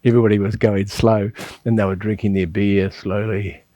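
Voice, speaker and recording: A man's voice: fairly low pitch, flat delivery, moderate pace, mellow, no echo. A middle-aged man, teaching a qigong class and telling rambling stories with chuckles and restarts. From New Zealand. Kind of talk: instructional class with personal storytelling.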